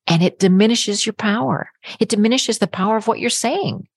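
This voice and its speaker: A woman's voice: mid-range voice, animated, normal speed, hardly any pauses, no echo, clean studio sound. A woman hosting a self-help podcast, talking straight to the listener in a direct, encouraging way. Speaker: podcast host and coach.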